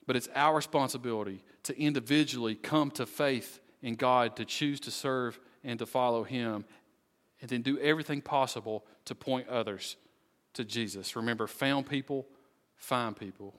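Male pastor, sermon, earnest pleading delivery, mid-pitched voice, long church reverb. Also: a bit bright. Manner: earnest, pleading, slow deliberate phrasing. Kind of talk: sermon closing and prayer. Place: church sanctuary.

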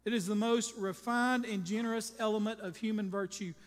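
A pastor preaching a sermon with emphatic delivery and folksy storytelling asides. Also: male voice, high-pitched, steady tone, fairly quick. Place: church sanctuary. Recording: long reverb in a large hall, music behind.

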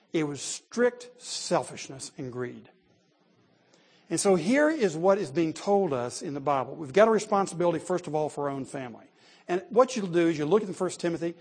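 A male preacher with a fairly high, husky voice works through a passage in a sermon. He keeps it conversational, tossing in wry jokes and questions to his listeners. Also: a little mellow. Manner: conversational, joking asides and rhetorical questions. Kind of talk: expository sermon.

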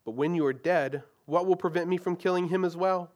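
Man playing a witch woman, cruel, commanding, higher voice, storybook reading. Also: brisk, darkish tone, natural voice. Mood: quivering, gloating. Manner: imperious, then quivering and gloating.

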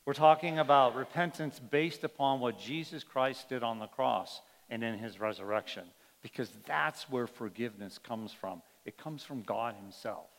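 A man's voice: mid-range voice, normal speed, hardly any pauses, a bit bright. A man preaching a sermon as pastor, earnest and emphatic, often letting his voice drop at the end of a point. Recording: long hall reverb.

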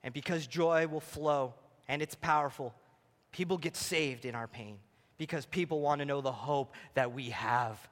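A man preaching a sermon as pastor, swinging between near-shouted exclamations and quiet, hushed passages. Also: mid-range voice, normal speed, big-room sound.

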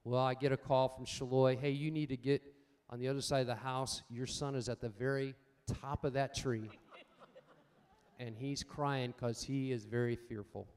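An older man preaching a sermon, swinging between loud emphatic points and quiet personal stories, calling out for amens. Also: medium pitch, fairly even intonation, normal speed, smooth. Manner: asks the congregation for amens. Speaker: pastor.

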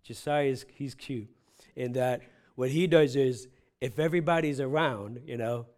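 A man's voice: medium pitch, normal speed, a little mellow. A man preaching a sermon in a conversational way, often checking in with "right?" and "huh?", building to emphatic peaks. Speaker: pastor.

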